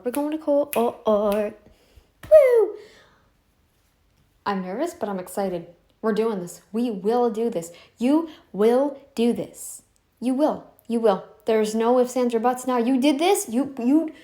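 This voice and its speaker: Insistent, repetitive woman vlogger, higher voice. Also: mellow. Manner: insistent and repetitive, drawn-out emphatic phrasing. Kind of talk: casual to-camera commentary.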